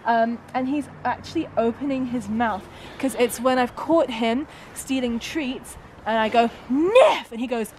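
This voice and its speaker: A woman vlogger out in the snow, talking in a playful, giggly way and presenting things with mock grandeur. Her voice sits a little high. Steady noise runs under the outdoor recording. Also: moderate pace, few pauses, rough recording. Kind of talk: casual outdoor chat.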